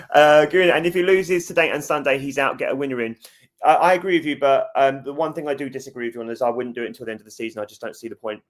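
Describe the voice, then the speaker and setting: A man's voice: medium pitch, fairly even intonation, quick pace. A man hosting a fan livestream, chatting casually and jokingly, answering viewers' comments. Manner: chatty, jokey, talks straight to viewers. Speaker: fan channel host.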